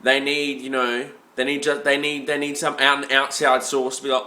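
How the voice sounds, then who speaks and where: A man's voice: medium pitch, level tone, moderate pace, sharp tone. A young Australian man ranting into the camera, blunt and heavily profane, rambling with many restarts and "you know" asides. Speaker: fitness vlogger. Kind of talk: ranting vlog monologue. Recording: echoey room.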